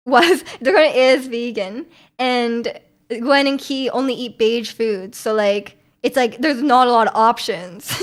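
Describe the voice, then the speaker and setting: Giggly woman chatting. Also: fairly high pitch. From Vancouver, Canada. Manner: rambling, filler-heavy, giggly. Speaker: streamer. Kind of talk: casual chat with viewers.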